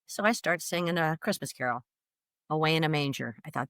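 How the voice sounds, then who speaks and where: A woman guest vividly retelling a personal experience, animated, with restarts and laughs. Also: low voice, fairly quick, creaky, dry recording, clean studio sound. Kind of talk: personal storytelling.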